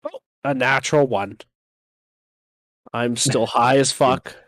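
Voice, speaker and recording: A man's voice: medium pitch, fairly even intonation, takes it slowly, a bit bright, no echo, studio quality. A man playing a tabletop game in casual, crude, joking banter. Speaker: player.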